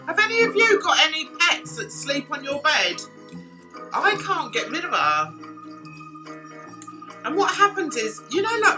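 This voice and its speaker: A woman chatting casually on her livestream, playful and laughing at her own jokes. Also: high voice. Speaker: livestream host.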